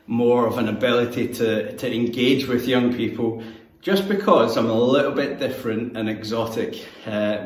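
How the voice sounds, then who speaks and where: A Scottish man in his thirties, a church youth leader, giving a relaxed, conversational, self-deprecating sermon. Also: medium pitch. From Scotland. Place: church hall. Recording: echoey room, mic at a distance.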